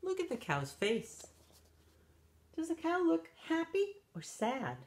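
A woman reading a picture book aloud to children, animated and stopping to ask her young listeners questions. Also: very high voice, takes it slowly. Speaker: children's story reader.

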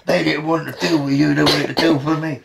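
A man's voice: fairly high pitch, level tone, a little fast, creaky. A man telling a crude, swear-laden anecdote in casual talk, acting out what others said. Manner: crude, swearing, acts out quotes. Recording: echoey room, faint noise.

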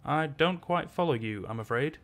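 A man's voice: a little high, expressive, normal speed, natural voice. A man voicing a nervous, proud young student in a read-aloud story, polite and hesitant. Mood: uneasy.

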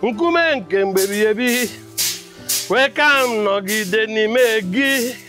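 An actor playing a boisterous, proud middle-aged father with a Nigerian accent, loud and laughing. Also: high voice, slow pace, faint music behind, exaggerated voice. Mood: jubilant.

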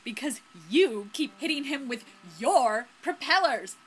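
Woman doing an eager young male diver, earnest, quick pleading, bright, lively. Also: high voice, a little hiss or hum.

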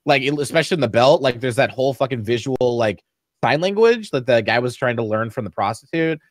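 A man's voice: medium pitch, animated, quick pace, no room sound, clean studio sound. A man co-hosting a TV podcast in casual chat, rambling with lots of fillers and swearing. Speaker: podcast co-host.

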